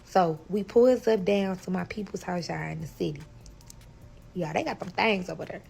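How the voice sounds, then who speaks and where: A woman from St. Louis telling a personal story to her viewers in a casual storytime vlog, animated and full of profanity. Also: lowish voice, normal speed, creaky, a little hiss or hum. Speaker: storyteller vlogger.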